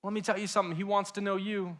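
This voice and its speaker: A young male youth pastor preaching a sermon with passion, swinging between loud and hushed and acting out what his listeners might be thinking. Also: high-pitched, little pitch movement, quick pace. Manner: acts out listeners' inner voices.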